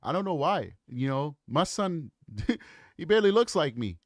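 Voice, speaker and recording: A man's voice: a little high, big pitch swings, unhurried, no room sound, studio quality. A man in his forties giving casual, opinionated commentary straight to his viewers. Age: 40s. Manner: opinionated, talks straight to the audience. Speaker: true crime commentator.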